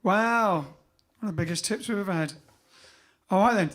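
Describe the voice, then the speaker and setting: High-voiced joking male stream host. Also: moderate pace, a bit bright. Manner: chatty, jokey, rambling. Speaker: bandleader and live stream host. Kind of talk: casual chat between songs.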